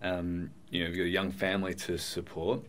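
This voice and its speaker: Male podcast host, very low voice, probing, faint background noise. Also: little pitch movement, a little fast. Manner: probing, with stumbled question openings. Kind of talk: podcast interview.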